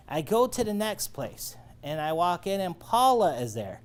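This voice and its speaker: A man's voice: sits high, big pitch swings, moderate pace. Coaching male sales trainer. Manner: coaching, checks in with "all right?". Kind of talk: training lecture.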